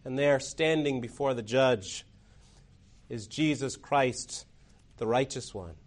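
A man preaching a sermon, telling a courtroom story dramatically, swinging between loud and hushed. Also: medium pitch, takes it slowly.

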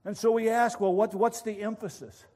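A preacher with a high voice delivering a lively sermon. He dramatizes and stresses his points with passionate urgency. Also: moderate pace. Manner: animated storytelling, passionate. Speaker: pastor.

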